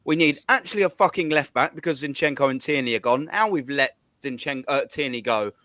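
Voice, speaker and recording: A host delivers a heated fan rant in a bright, forceful, mid-range voice with no room sound. He talks fast and swears heavily, hammering his points home with repetitive counting.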